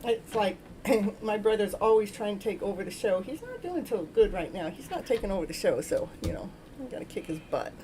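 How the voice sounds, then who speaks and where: A woman's voice: mid-range voice, animated, a little fast, dark tone, a little hiss or hum, poor audio. A woman hosting a live tarot stream, chatting casually in a giggly, playful, rambling way. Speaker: live tarot reader and show host.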